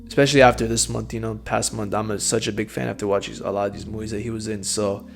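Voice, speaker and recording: A man's voice: lowish voice, little pitch movement, fast, creaky, over music. A young man hosting a casual film review, enthusiastic and loose, swearing and saying dude a lot.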